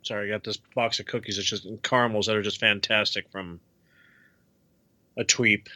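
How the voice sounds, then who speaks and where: A man's voice: on the low side, fairly even intonation, moderate pace, pushed and bright. A man co-hosting a casual podcast, wisecracking and swearing freely. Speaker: co-host.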